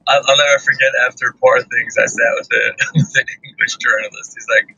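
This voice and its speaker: A man's voice: medium pitch, unhurried, long pauses, sharp tone, husky, dry recording, dull audio. A man being interviewed as an actor guest, laughing often and restarting his sentences. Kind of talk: talk-show interview chat.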